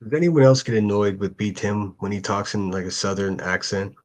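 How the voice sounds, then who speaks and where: Male stream commentator, lowish voice, blunt and mocking, swears freely. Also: steady tone, a little fast, a little mellow. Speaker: livestream commentator. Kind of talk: casual reaction commentary.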